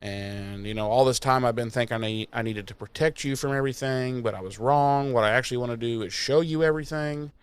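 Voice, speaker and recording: Weary young heroine, hopeful turn; man reads it flat, casual, crisp close sound. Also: mid-range voice, a little fast, hardly any pauses, dry recording, close to an everyday voice. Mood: earnest. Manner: offhand paraphrase, quiet. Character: young woman hero, weary but hopeful.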